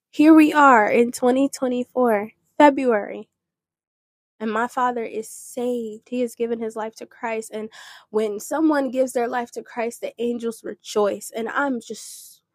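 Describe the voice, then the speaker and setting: A woman's voice: fairly high pitch, steady tone, unhurried, dry recording. A woman hosting a podcast, telling a personal faith testimony in an earnest, rambling way with restarts. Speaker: podcast host.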